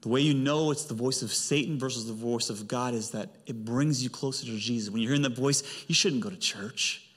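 A male pastor preaching a sermon with emphatic delivery and big swings in pitch. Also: a little fast, hardly any pauses. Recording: long hall reverb.

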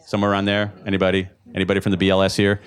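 A low-voiced man answers questions from a live audience as an author. He is lively and jokey, and he keeps restarting sentences and repeating words while he thinks. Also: racing. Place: event room with a live audience.

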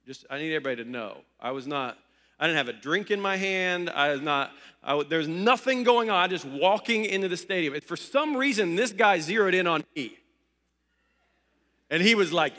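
A man's voice: high-pitched, expressive, fairly quick, sharp tone. A young man from Ohio preaching a sermon, telling stories in a conversational way with joking asides. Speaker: pastor. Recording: long hall reverb.

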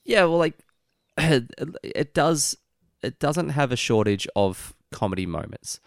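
A man's voice: mid-range voice, lively intonation, slow pace, vocal fry, dry recording, clean studio sound. A man co-hosting a podcast in casual chat, laid-back and understated, sounding congested and nasal. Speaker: podcast co-host.

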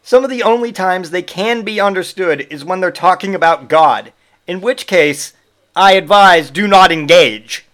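A man with a notably high voice hosts a podcast in a mocking, foul-mouthed rant. His delivery is sarcastic and full of jokes at others' expense. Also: normal speed, fairly bright tone. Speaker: podcast host. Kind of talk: comedic monologue rant.

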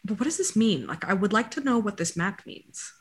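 In a lively, fairly quick mid-range voice, a woman chats her way through her dog's DNA report. She keeps turning to the dog with playful remarks.

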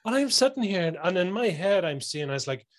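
A man's voice: sits high, very animated, quick pace. A man who is an author and coach, talking casually as a guest and telling stories with enthusiasm. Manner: enthusiastic storyteller, acts out others' lines. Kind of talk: casual conversation.

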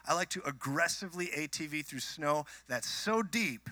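A man from Minnesota preaching a sermon, telling animated personal stories with joking asides to the congregation. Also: on the high side, a little fast, few pauses, dry recording. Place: church.

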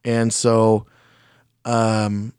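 A man's voice: fairly low pitch, completely flat delivery, drawn-out words, a little mellow, clean tone, no echo. Man, casual storytelling, blunt, frequent swearing, self-critical, dry close sound. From Mexican heritage. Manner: blunt, heavy swearing, rambling. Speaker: guest telling a story.

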